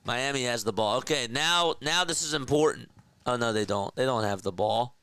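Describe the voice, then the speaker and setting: A man calling football play-by-play in a relaxed, chatty way, talking to his viewers between snaps. His voice is smooth and resonant at an average pitch, and the sound is dry and close, with no room behind it. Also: normal speed, no room sound. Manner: casual, chats with viewers between plays. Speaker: play-by-play streamer. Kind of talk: live play-by-play commentary.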